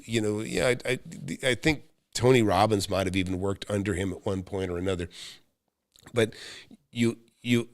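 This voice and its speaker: A man's voice: fairly low pitch, dry recording, studio quality. A middle-aged American man hosting a live stream about making money, talking bluntly, swearing now and then, with lots of restarts. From United States. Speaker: real estate coach hosting a live Q&A stream. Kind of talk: live-stream chat with viewers.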